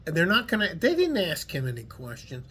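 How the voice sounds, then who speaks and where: A man's voice: on the high side, huge pitch swings, fairly quick, sharp tone, slight background noise. A middle-aged man with a West Texas accent, talking to his viewers in a rambling, earnest, folksy way with salty language. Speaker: vlogger. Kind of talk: casual heartfelt monologue to viewers.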